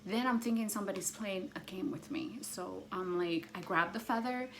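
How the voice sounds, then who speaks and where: A woman vlogger telling a personal story in an animated, excitable way, full of "like". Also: medium pitch, normal speed, a little hiss or hum. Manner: animated, excitable, heavy use of "like".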